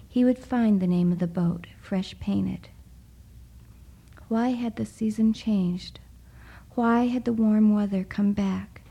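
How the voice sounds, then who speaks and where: A woman reading a story aloud in a hushed voice, often dropping into a whisper. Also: mid-range voice, vocal fry, slightly rough, low-quality recording. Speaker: narrator. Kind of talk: soft-spoken story reading.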